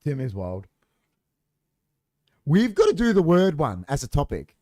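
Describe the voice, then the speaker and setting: A young man co-hosts a podcast in loose, joking chat, swearing as he talks. His voice sits a little high for a man, and the studio sound is dry and close. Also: wildly swooping pitch, unhurried, mellow, no echo. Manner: banter, swears freely. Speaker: podcast co-host. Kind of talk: casual chat. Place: small studio.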